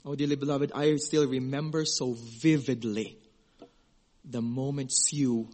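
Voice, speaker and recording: Earnest pastor guy preaching, slow and heartfelt, gets hushed then excited. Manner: earnest and emotional, swings from hushed to high excited. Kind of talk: sermon.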